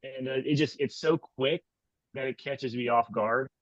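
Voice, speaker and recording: A man co-hosting a podcast in casual chat, retelling scenes in a rambling, animated way with lots of "like"s. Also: medium pitch, normal speed, no room sound. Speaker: podcast co-host. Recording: dull lo-fi sound.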